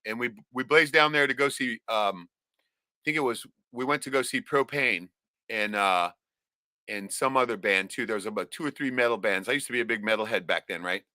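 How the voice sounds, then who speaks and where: A man's voice: medium pitch, normal speed, sharp tone, dry recording. A man from Alaska hosting a livestream, telling a rambling, profane story in casual chat and tagging "right?" onto his sentences. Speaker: livestream host.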